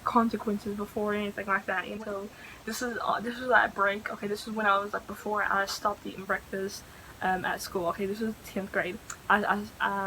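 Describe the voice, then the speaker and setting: A woman's voice: mid-range voice, fairly bright tone, a little hiss or hum, poor audio. Rambling young woman telling school stories. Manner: rambling, many fillers and restarts. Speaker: vlogger. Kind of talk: casual storytelling.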